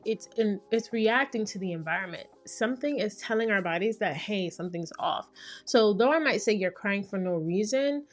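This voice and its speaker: Chatty woman therapist host, faint music. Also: medium pitch. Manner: chatty, conversational, acts out quoted voices. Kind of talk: casual advice monologue.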